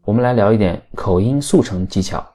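A man hosting a language podcast in calm, guiding lesson narration. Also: lowish voice, fairly quick, loud music behind the voice. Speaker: podcast host.

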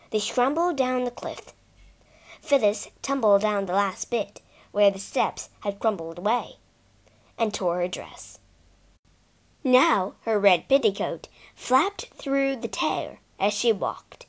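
A woman narrating a children's storybook in a careful, expressive reading. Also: mid-range voice, measured pace.

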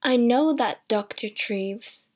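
A woman doing a slow, strange-voiced shy man. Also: on the high side. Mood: gentle, resigned. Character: gentle, shy deformed young man, slow-spoken.

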